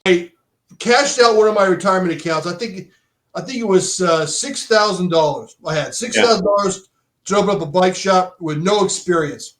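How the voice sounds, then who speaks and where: A man's voice: high-pitched, normal speed, fairly bright tone. A middle-aged man casually telling stories about owning a bike shop, rambling with lots of restarts and "dude". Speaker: podcast guest, former bike shop owner. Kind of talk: casual chat. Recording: roomy echo.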